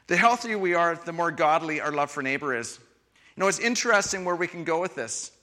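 A man preaching a sermon, switching between quiet reflective lines and loud, emphatic ones. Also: fairly high pitch, moderate pace. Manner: expressive, shifts from soft to loud emphasis. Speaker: pastor. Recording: long hall reverb.

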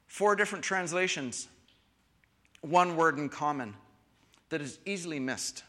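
A man preaching a sermon, switching between quiet reflective lines and loud, emphatic ones. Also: a little high, measured pace, pauses often. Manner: expressive, shifts from soft to loud emphasis. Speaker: pastor. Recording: long hall reverb.

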